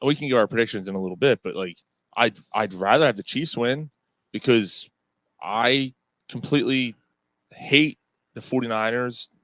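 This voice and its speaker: A man's voice: mid-range voice, normal speed, fairly bright tone, no echo. Podcast co-host, male, mid-range voice, dry close-miked sound, loose, profane, opinionated sports chat.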